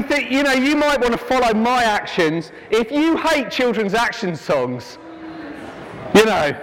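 Preacher guy, high voice, jokey and chatty, big hall echo. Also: fairly bright tone. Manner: jokey, self-deprecating, chatty asides. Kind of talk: informal sermon with a sung action chorus. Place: church hall. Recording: long church hall reverb.

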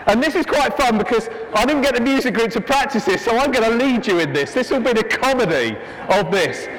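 A man's voice: very high-pitched, lively intonation, fairly quick, fairly bright tone, a little hiss or hum. A man preaching an informal sermon to a church congregation, chatty and self-deprecating, breaking into jokey asides. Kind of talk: informal sermon with a sung action chorus. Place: church hall. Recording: long church hall reverb.

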